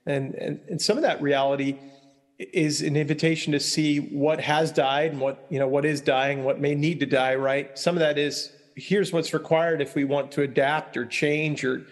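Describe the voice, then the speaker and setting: A man's voice: a little high, little pitch movement, moderate pace, in a large hall. A man from Long Island, a church consultant and speaker, talking thoughtfully in a casual conversation and often asking "right?". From Long Island, New York. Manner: thoughtful, reflective, many restarts and "right?".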